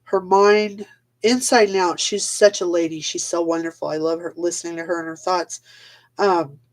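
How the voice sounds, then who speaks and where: A woman's voice: fairly low pitch, fairly even intonation, normal speed. A woman ranting on a live video in a blunt, casual way, swearing freely, laughing often and trailing off mid-thought.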